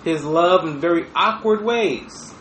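A man hosting a podcast, talking in casual crude banter, animated and profane, laughing often. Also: a little high, a little slow. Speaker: podcast host. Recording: echoey room with faint noise.

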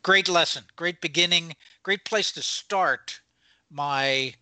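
A man's voice: a little high, slow pace, sharp tone, dry recording. A man chatting as a guest, reacting with enthusiasm. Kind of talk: casual chat.

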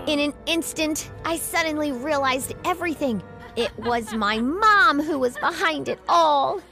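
A woman with a high voice reads a first-person tale with dramatic, emotive expression. Soft music plays faintly behind her narration. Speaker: storyteller.

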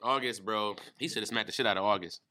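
A man doing comedic casual chat, riffing profanely and jumping into quick acted-out voices. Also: on the low side, pushed and bright. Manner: profane, riffing, acts out bits with quick voice jumps.

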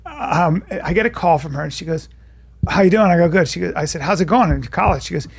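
A man's voice: on the high side, fairly quick, gravelly, husky. A man chatting casually on a podcast, rambling through crude anecdotes. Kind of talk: casual chat, storytelling.

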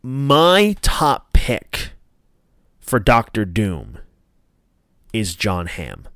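A man co-hosting a casual chat, animated and enthusiastic, laughing often. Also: fairly low pitch, very slow, no room sound, studio quality. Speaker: podcast co-host.

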